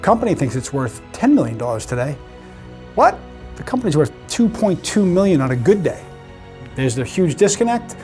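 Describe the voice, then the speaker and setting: A man's voice: fairly high pitch, sing-song, moderate pace, a little mellow, soft background music. A man in his forties from Boston with a faint Boston accent, talking directly and emphatically as a podcast guest. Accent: American, faint Boston. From Boston, USA. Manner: direct, emphatic, many restarts. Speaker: guest, private equity banker. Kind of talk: casual podcast chat.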